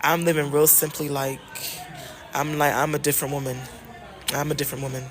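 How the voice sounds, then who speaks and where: A woman from the United States chatting casually in a travel vlog, animated and emphatic, repeating phrases and talking straight to her viewers. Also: deep voice, a little fast. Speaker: travel vlogger and love coach.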